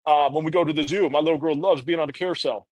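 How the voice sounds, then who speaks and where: A man's voice: fairly high pitch, fairly even intonation, fast, a little mellow, no room sound. A man in his thirties, a podcast guest, telling a candid personal story in an earnest, rambling way full of "you know".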